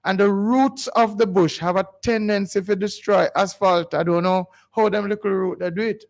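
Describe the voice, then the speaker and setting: Jamaican radio host guy, bit high voice, rambles and pleads, lots of restarts. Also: steady tone, normal speed, gravelly. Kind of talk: call-in community radio talk. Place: radio studio.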